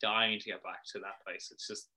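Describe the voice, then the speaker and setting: With crowd noise in the background, a young Irish business founder speaks at a moderate pace, his fairly low voice staying level. He's a guest telling stories and chatting casually, rambling with plenty of fillers.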